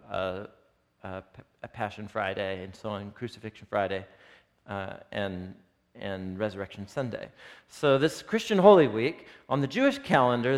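A man teaching scripture to a live group, reading passages aloud, explaining them, and asking the audience questions. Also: mid-range voice. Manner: animated, asks the audience questions. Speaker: Bible teacher. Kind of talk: interactive Bible teaching. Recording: long reverb of a hall.

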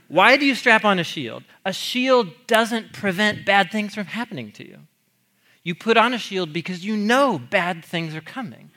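A man's voice: fairly high pitch, pushed and bright. A man teaching a sermon on a psalm in a chatty, questioning way, laughing often and asking the audience questions. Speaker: pastor.

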